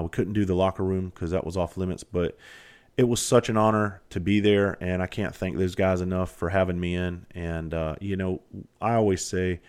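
Man, middle-aged, very deep voice, casual podcast monologue, blunt and profane storytelling. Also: a little mellow, clean tone. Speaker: podcast host, former firefighter.

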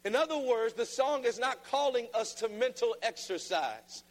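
A man preaching a sermon, playful and then emphatic, often mimicking flat reading voices. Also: very high voice, normal speed. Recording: long reverb of a large hall.

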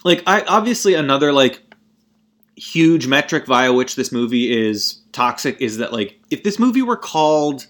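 A man's voice: mid-range voice, very animated, moderate pace, a bit bright. Rambling, swearing young man. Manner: rambling and profane, frequent self-interruptions. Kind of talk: casual movie rant.

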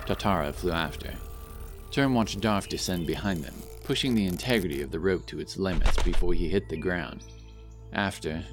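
A man narrating a fantasy novel in a steady storytelling manner, over background music. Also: low voice. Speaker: audiobook narrator.

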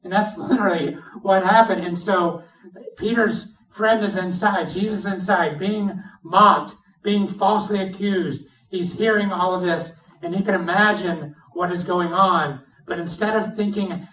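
A male pastor delivers a sermon as a vivid story, bringing its characters to life as he goes. His voice sits a touch high and rings through a roomy church sanctuary. The mic picks him up from some distance. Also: a little slow. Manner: animated storytelling, acts out dialogue. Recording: roomy sound, speaker away from mic.

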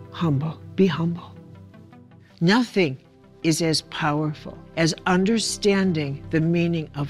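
A woman's voice: low-pitched, a little mellow. A woman, a spiritual author and speaker, teaching in a reflective, emphatic way and often putting questions to the listener.

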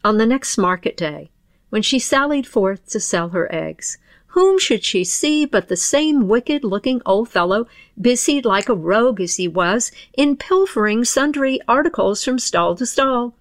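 A woman telling an old folk tale in a measured, old-fashioned manner, then reflecting on its meaning. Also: on the high side, expressive, dry recording. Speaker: storyteller. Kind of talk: storytelling narration, then reflective commentary.

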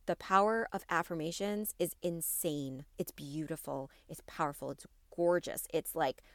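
A woman in her thirties hosting a wellness podcast, talking warmly and encouragingly to her listeners, often checking in with "right?". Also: lowish voice, lively intonation, normal speed, hardly any pauses, no echo, clean studio sound. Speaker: podcast host and wellness coach. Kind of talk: solo podcast talk.

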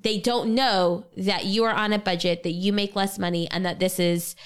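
A woman's voice: mid-range voice, fairly even intonation, moderate pace, clear, resonant tone. A woman co-hosting a casual livestream chat. She talks frankly, laughs easily and acts out sample dialogue. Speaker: co-host.

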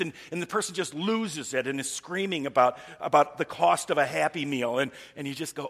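A man's voice: a little high, brisk, hardly any pauses, fairly bright tone. A man preaching a conversational sermon as pastor, putting rhetorical questions to the congregation. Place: church service. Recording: long reverb of a large hall.

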